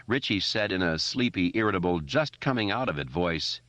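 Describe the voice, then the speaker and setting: A man narrates an audiobook in a steady, measured way. His voice is very deep, and the recording is dry and a little dull, with no room sound. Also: no room sound. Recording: dry, slightly muffled recording.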